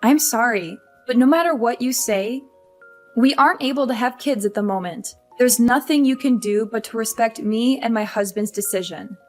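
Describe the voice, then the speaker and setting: A woman's voice: a little high, normal speed, natural voice. An actress playing a frustrated young career wife who complains about her mother-in-law, over faint music. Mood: pleading. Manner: upset, complaining.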